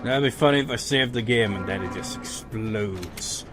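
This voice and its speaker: A man's voice: lowish voice, normal speed. A man giving casual, sarcastic commentary while playing a video game, swearing often and talking back to the characters. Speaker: let's play gamer. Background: game music.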